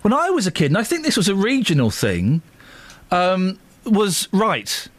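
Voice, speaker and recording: A man hosting a radio phone-in, his pitch sitting a little high and swinging a lot as he talks. He teases and winds up his callers, stumbling through restarts. He is in a live studio. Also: huge pitch swings, moderate pace, no echo. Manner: teasing, playful, lots of restarts. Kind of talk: casual radio phone-in chat.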